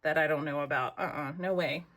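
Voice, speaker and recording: A woman's voice: sits low, fairly even intonation, a little fast, background noise. A middle-aged American woman telling a rambling story while crafting, with chatty asides to herself. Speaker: crafting vlogger.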